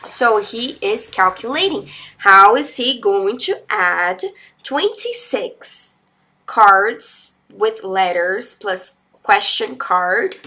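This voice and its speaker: A woman's voice: mid-range voice, expressive, very slow, pushed and bright. A woman with a Brazilian accent teaching English in a live lesson, explaining patiently step by step and switching into Portuguese.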